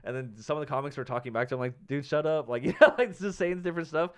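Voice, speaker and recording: A young man co-hosting a podcast, telling a story in casual chat, animated, acting out quotes and saying "like" and "dude" a lot. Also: mid-range voice, very fast. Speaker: podcast co-host.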